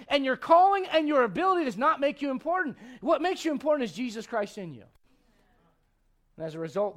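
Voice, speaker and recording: A male pastor preaching a sermon in a conversational, emphatic way, acting out quotes with frequent restarts. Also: sits high.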